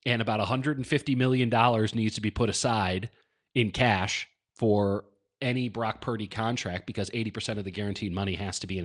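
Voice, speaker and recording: A man co-hosting a casual sports podcast, wry and self-deprecating, with jokey asides. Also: lowish voice. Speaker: podcast co-host.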